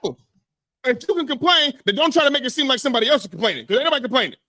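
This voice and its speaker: High-pitched man arguing fast and loud. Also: big pitch swings, no echo, studio quality. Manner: loud, insistent, says he always talks this way. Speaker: podcast co-host. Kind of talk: heated sports debate.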